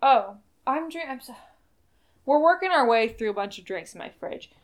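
Young woman co-host, casual podcast chat, slightly high voice, animated filler-heavy storytelling. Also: moderate pace.

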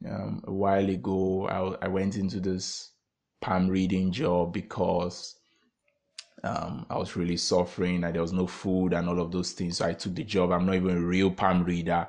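A man's voice: deep voice, completely flat delivery, moderate pace, vocal fry, darkish tone. A man voicing a hesitant, apologetic old woman who confesses she is a fake palm reader.

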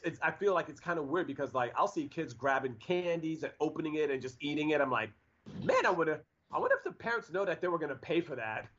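A man's voice: a little high, fairly bright tone. A man in his forties telling a story in a casual chat, rambling with lots of fillers and restarts. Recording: dull lo-fi audio.

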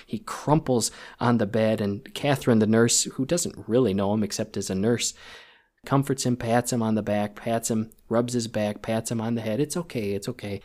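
A man co-hosting a film podcast, talking in a halting, emotional way and choking up as he recalls a scene. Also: lowish voice, steady tone, darkish tone. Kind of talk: casual film discussion.

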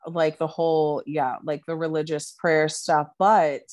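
A young woman co-hosts a podcast, chatting loosely with lots of "like" and "you know." Her low, darkish voice moves little in pitch and is a bit slow, with no room sound.

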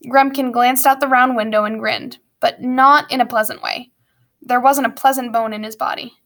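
A woman reading a storybook aloud as narrator, with lively storytelling and wry asides. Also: a little high, moderate pace, vocal fry. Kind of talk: audiobook narration.

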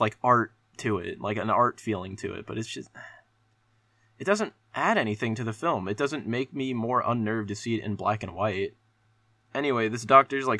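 A man's voice: mid-range voice, bright, forceful tone, no room sound. Rambling, profane young man reviewing a movie. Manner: rambling, profane, lots of fillers. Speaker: podcast host. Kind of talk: casual solo movie review.

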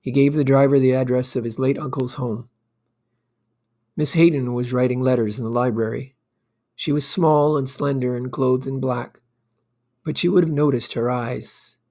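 A man narrating a classic short story as an audiobook, with calm, measured reading. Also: mid-range voice. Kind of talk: scripted narration.

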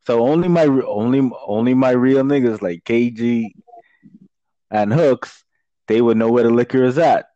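A man's voice: mid-range voice, normal speed, mellow, dry recording. A young man in casual chat telling a story in a laid-back, rambling way, laughing often. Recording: dull lo-fi dry sound.

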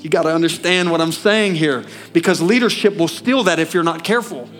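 Male preacher, middle-aged, fairly high voice, storytelling sermon that swells into fervor, light music underneath. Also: fairly quick. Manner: storytelling, building to loud fervent peaks.

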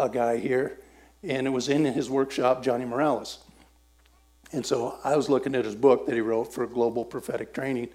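A man preaching a sermon and telling a story, acting out voices and swinging between loud and soft. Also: mid-range voice.

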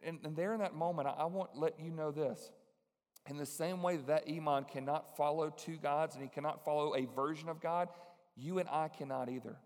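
A fairly high-voiced man preaches with earnest conviction, doubling back on words as he presses his point. His voice rings out with a long reverb that fills a big hall. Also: brisk, darkish tone. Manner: earnest, repeats words when stressing. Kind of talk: sermon with story and prayer.

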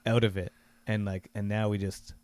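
Man with a low, mellow chatty voice. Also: flat delivery, moderate pace, smooth, no echo. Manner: loose, trailing off, lots of "like". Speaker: board game podcast co-host. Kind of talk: casual chat.

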